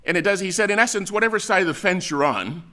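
An older American man preaching a sermon, telling stories in a relaxed, conversational way with frequent fillers and restarts. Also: high voice, quick pace. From United States. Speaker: pastor.

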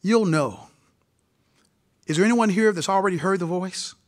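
A man's voice: high-pitched, normal speed. A man preaching an impassioned sermon at a seminary gathering, repeating phrases and addressing his listeners directly.

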